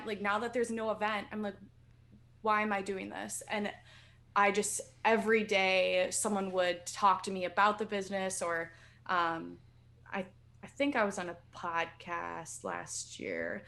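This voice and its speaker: Young woman guest on a podcast, chatty, animated, swears a bit, laughs a lot. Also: mid-range voice. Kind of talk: casual chat.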